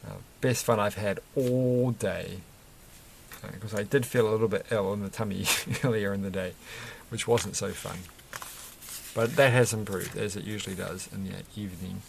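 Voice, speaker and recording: A man's voice: fairly low pitch, fairly even intonation, moderate pace, creaky, slight background noise. A man chatting casually and rambling while he builds a toy set, chuckling often and breaking off mid-sentence. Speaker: vlogger building Lego sets.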